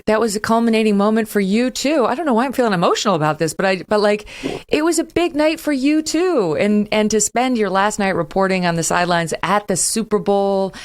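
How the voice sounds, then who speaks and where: A middle-aged woman hosting an interview, chatty and animated, leaning on filler words. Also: medium pitch, brisk. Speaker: host.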